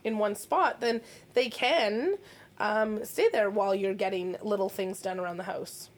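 A woman parenting coach chatting casually, lively and acting out the voices of parents and babies. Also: medium pitch, measured pace. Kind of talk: casual podcast chat.

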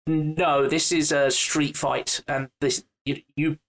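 A man's voice: a little high, little pitch movement, slow, a bit bright, low-quality recording. A man co-hosting a casual film discussion, thinking aloud with frequent restarts and repeated words. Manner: hesitant, many restarts.

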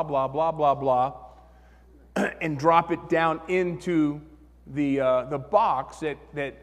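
A man preaching a sermon as pastor, telling a story in an animated way and acting out the voices in his head. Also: on the high side, big-room sound.

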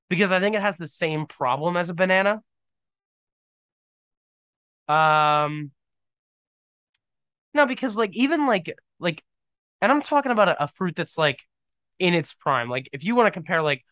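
A man's voice: on the high side, pushed and bright, no room sound. A young man hosting a podcast in casual solo chat, rambling and emphatic, often saying "dude". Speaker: podcast host.

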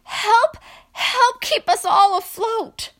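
A woman voicing a group of frightened male disciples in a storybook, crying out loud and high. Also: slow pace.

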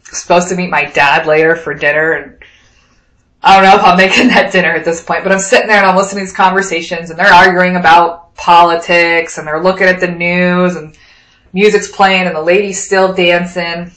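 A woman with a somewhat low voice tells a rambling personal story in a lively, casual way and jumps into the voices of the people in it. She sounds like she is in an echoey room. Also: brisk. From Wyoming. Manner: lively anecdotal, acts out quoted dialogue.

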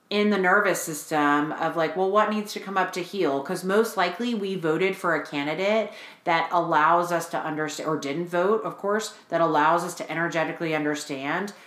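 Woman, low voice, frank and animated podcast chat with swearing, roomy echo.

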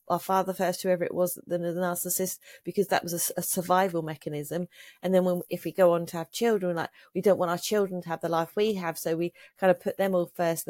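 Earnest middle-aged woman, low and dry. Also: a little mellow, no room sound. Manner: earnest, reflective, with frequent restarts. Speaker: guest, trauma coach and author. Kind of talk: casual interview conversation.

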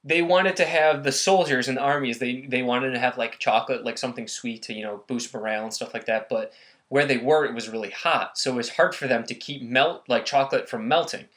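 A man's voice: fairly quick, fairly bright tone. A young man in his twenties co-hosting a casual podcast, chatting loosely and now and then slipping into a silly, goofy voice. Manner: goofy, breaks into silly high cooing voice. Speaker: podcast co-host. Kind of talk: casual chat.

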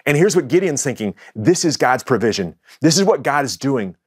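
A man's voice: medium pitch, very animated, brisk, breathy edge, no room sound, studio quality. A man preaching a sermon as the pastor, in a conversational style with frequent restarts and asides to the congregation.

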